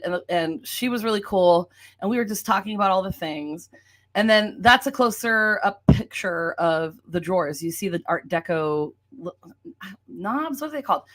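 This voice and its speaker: A woman talks through photos and tells a story in a casual, chatty way. She is animated and laughs often. Her voice sits at a middle pitch. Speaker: vlogger telling a story.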